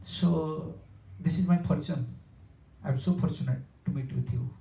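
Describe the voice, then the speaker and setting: This monk's voice is fairly high, gravelly and warm as he shares stories with devotees in a lecture room, chuckling and often stopping mid-thought to search for words before restarting. The room recording is roomy, distant and dull.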